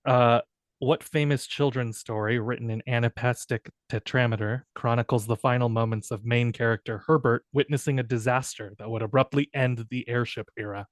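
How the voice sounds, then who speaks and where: A man co-hosting a podcast, chatting casually and playfully and telling jokes with quick asides. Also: medium pitch, fairly even intonation, no room sound, studio quality. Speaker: podcast co-host. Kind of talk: casual comedic chat.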